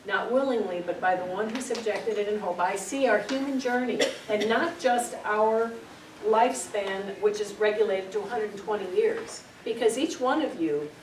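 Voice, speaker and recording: A middle-aged woman teaches a small group in an informal, earnest spiritual talk, full of stories and repeated words. She sits away from the mic, so her voice carries a roomy echo. Steady background noise runs beneath her. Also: mid-range voice. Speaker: spiritual speaker. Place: meeting room. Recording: echoey room, distant mic, noisy.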